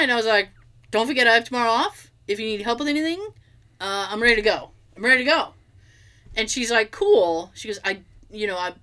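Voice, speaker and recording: A woman chatting casually, spinning an everyday anecdote with a lively voice that swoops up and down. Her tone is bright and forward, and she acts out each side of the conversation, throwing in the odd swear word. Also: fairly high pitch. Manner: animated storyteller, acts out dialogue, swears casually. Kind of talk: casual chat.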